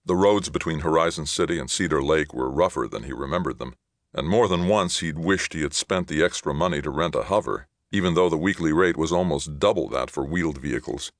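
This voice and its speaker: A man reading fiction aloud as an audiobook narrator in a measured, even way. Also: rumbling low, no echo, studio quality. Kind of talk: scripted narration.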